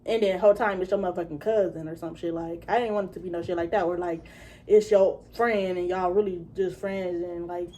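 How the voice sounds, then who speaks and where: A young woman vlogger tells a personal story in a storytime video, speaking fairly quickly in a lowish voice. She swears freely and acts out what people said, putting on their voices in an animated, casual way.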